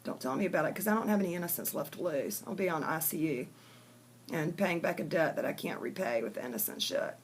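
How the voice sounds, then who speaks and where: A woman's voice: sits low, a little fast, slight background noise. A woman vlogging in a chatty, blunt way, telling a joke and talking casually to her viewers. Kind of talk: casual storytelling chat.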